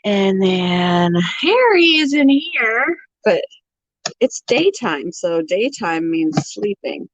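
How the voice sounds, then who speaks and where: A woman hosting a casual pet livestream at home. She talks softly, sometimes in a whisper, and coos at her animals in baby talk. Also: mid-range voice, big pitch swings, slow, dry recording, low-quality recording. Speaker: pet channel host.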